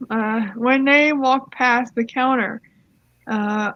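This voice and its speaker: A woman's voice: on the high side, drawn-out words, no echo. A woman casually reading a Reddit story aloud, stumbling over words and giggling as she goes. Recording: slightly muffled, dry sound.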